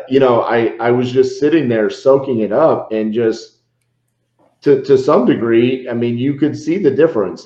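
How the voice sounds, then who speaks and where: A man hosting a casual podcast conversation, talking in a rambling, animated way with frequent restarts. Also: mid-range voice. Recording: dull, roomy recording.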